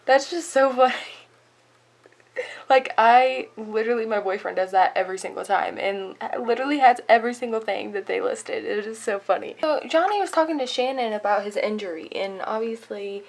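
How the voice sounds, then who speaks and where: A woman's voice: fairly high pitch, a little fast, vocal fry. Giggly young woman gushing about a book. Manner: giggly, gushing, lots of filler likes. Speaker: book vlogger. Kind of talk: casual chat retelling a book.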